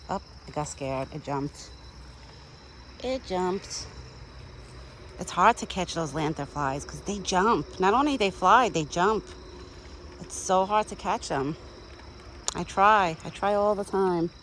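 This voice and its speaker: A young woman with a lowish, fairly bright voice chats casually and animatedly to her phone camera in a rural yard while feeding a deer, speaking slowly with frequent pauses and rambling fondly to the animal. Insects and countryside sounds fill the background, and the low-quality recording carries a little hiss or hum.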